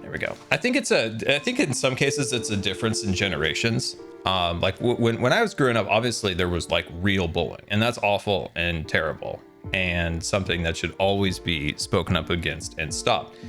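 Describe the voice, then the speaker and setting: Chatty low-voiced male streamer over music. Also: expressive, a little fast, hardly any pauses. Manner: chatty, self-deprecating, rambling with fillers. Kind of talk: casual game livestream chat. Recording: music playing behind the voice.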